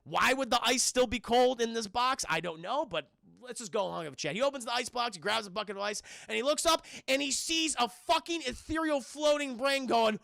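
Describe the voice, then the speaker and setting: A man excitedly recapping a cartoon scene by scene for a stream chat, swearing freely and acting out the characters in funny voices. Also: very high voice, brisk, gravelly, no echo, clean studio sound.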